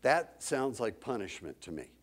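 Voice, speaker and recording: A man preaching a sermon, reading scripture dramatically and telling a lively personal story. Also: medium pitch, moderate pace.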